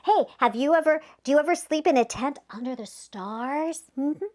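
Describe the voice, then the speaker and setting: Lively woman reading a children's story. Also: high voice, moderate pace. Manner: playful, asks the listening kids questions; drops to a whisper at quiet moments. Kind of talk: reading a rhyming picture book aloud to children.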